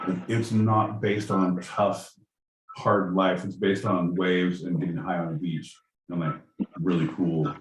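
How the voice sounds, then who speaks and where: A lowish-voiced man co-hosting a podcast, talking loosely and swearing often. His voice carries a roomy echo, with faint noise in the background. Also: slow. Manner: sweary, riffing, animated. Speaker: podcast co-host. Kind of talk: casual chat.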